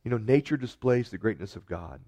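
A man preaching a sermon earnestly, rising to emphatic peaks and dropping to soft, quiet lines. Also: mid-range voice, expressive, fairly quick. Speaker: pastor.

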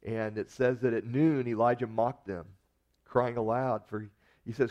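A man's voice: mid-range voice, steady tone, unhurried, darkish tone. A pastor preaching a sermon in a conversational way, with wry humor as he retells scripture.

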